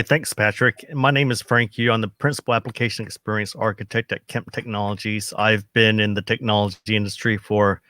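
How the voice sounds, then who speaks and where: A man's voice: lowish voice, fairly bright tone, no echo. A middle-aged man on a video call panel, talking in an enthusiastic, folksy way. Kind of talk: casual panel chat.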